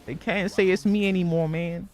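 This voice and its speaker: A man doing a goofy higher "spooky" voice. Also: fairly even intonation, moderate pace, darkish tone, lightly acted. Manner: laid-back slangy drawl. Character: goofy young man's put-on "spooky" voice.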